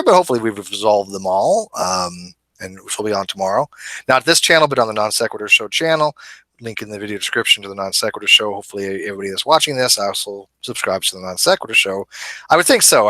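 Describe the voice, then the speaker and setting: A man's voice: on the low side, lively intonation, quick pace, sharp tone, no room sound. A man hosting a debate channel in casual chat, talking conversationally with many fillers.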